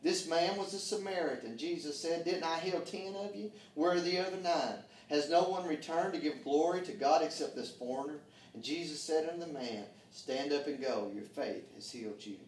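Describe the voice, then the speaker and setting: A man's voice: fairly high pitch, normal speed, few pauses, echoey room, far from the mic, a little hiss or hum. A man preaching a sermon in a church, fervent and folksy, calling out to the congregation for answers. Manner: fervent preaching with call-and-response, folksy grammar. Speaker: pastor. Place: church sanctuary.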